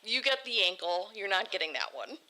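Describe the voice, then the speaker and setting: Bubbly, lively woman streamer. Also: mid-range voice, normal speed, rough recording. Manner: bubbly, giggly, self-deprecating. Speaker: livestream host. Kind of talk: casual livestream chat reading viewer write-ins. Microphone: desk microphone.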